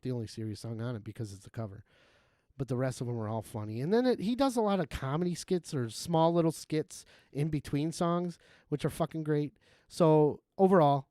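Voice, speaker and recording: A man's voice: medium pitch, a little mellow, dry recording, clean studio sound. A man streaming a game, chatting casually in a rambling, profane way and chuckling often. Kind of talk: casual gaming-stream chat.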